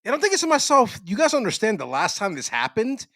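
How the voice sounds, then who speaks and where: A man's voice: sits high, fast talker, dry recording. A man co-hosting a podcast, telling rambling stories with lots of swearing. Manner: animated, profane storyteller. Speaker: podcast co-host. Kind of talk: casual chat.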